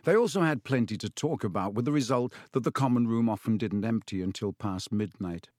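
Here a man with a mid-range voice tells an audiobook story in an even, controlled manner. It's a dry recording with clean studio audio.

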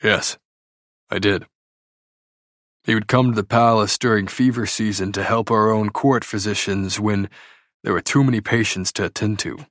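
A man voicing a curious, thoughtful king in a storybook reading, speaking in a measured, formal way. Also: lowish voice, fairly even intonation, a bit bright, no echo, clean studio sound, lightly acted.

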